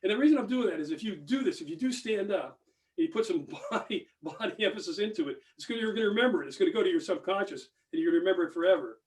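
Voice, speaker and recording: A man's voice: sits high, lively intonation, very fast, breathy edge. A man presenting a live sales webinar, upbeat and chatty, repeating phrases and reading the chat aloud over a computer mic. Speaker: webinar presenter, business mentor. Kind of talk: casual live webinar teaching.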